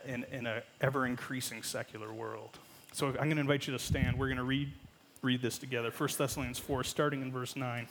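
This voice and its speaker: A man in his thirties, a pastor giving a sermon, telling a lively story from his family life and often laughing at his own jokes before leading a prayer. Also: medium pitch, a little hiss or hum. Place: church sanctuary. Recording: long reverb of a church hall.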